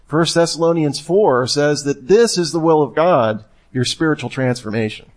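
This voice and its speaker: A man's voice: fairly high pitch, moderate pace. Man preaching a conversational sermon. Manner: conversational teaching, acts out quoted lines. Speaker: pastor.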